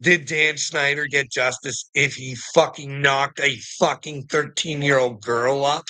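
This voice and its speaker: A man's voice: medium pitch, steady tone, measured pace, pushed and bright, no room sound, low-quality recording. A man in an angry, profane commentary rant, firing off rhetorical questions and mocking taunts. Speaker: vlogger.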